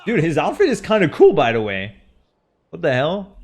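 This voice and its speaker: Chatting casually on a live stream, a young man from France with a French accent sounds out viewers' names, reading them aloud and laughing. His voice is a little high and a little mellow, with huge pitch swings at normal speed.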